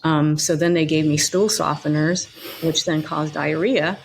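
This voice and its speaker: Low-voiced woman recounting her story. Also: steady tone, a little slow, creaky, a little hiss or hum. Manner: conversational, many fillers and restarts. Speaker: podcast guest. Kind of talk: personal storytelling in interview.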